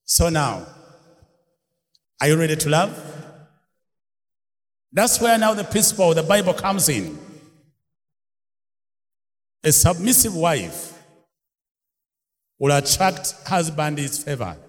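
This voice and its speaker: A man's voice: a little high, sing-song, slow, long pauses. A man preaching a sermon, laughing often and calling out questions to his congregation. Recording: long hall reverb.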